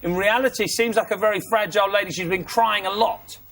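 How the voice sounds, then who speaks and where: A man's voice: sits high, fairly even intonation, a little fast, a bit bright. A young man hosting a comic TV chat show, cheeky and teasing. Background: studio audience.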